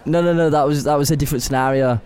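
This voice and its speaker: A man's voice: a little high, fairly even intonation, racing, darkish tone, smooth. A young English man co-hosting a podcast, laughing easily and telling stories playfully. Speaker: podcast co-host. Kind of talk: casual chat.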